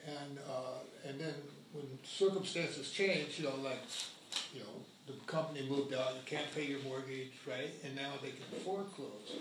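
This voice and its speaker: A man speaking up from the audience at a community meeting, indignant and halting, cursing now and then. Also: mid-range voice, fairly even intonation, noisy background. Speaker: audience member. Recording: echoey room heard from far off.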